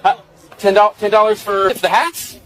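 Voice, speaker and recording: A man's voice: high-pitched, fairly even intonation, moderate pace, a crowd in the background, poor audio. A man outdoors trying out patois in a friendly, laughing way.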